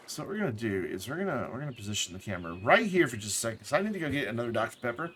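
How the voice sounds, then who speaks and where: A man's voice: mid-range voice, very animated, rapid-fire, few pauses, fairly bright tone, slight background noise. A man thinking aloud as he plays a city-building game on a live stream, correcting himself as he goes, tired and with the hiccups. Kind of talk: casual gameplay commentary.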